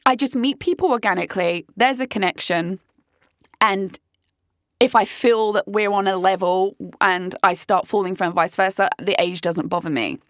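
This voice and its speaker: A woman's voice: mid-range voice, normal speed, fairly bright tone, dry recording, studio quality. A woman in her late thirties telling a dating story as a vlogger, blunt and swearing often. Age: 30s. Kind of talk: casual storytelling monologue.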